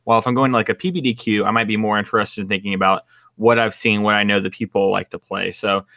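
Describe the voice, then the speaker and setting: A man's voice: on the low side, steady tone, quick pace, sharp tone, no room sound, studio quality. A man on a podcast as a returning guest, chatting loosely about playing decks with lots of "like". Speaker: guest, former co-host. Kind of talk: casual podcast chat.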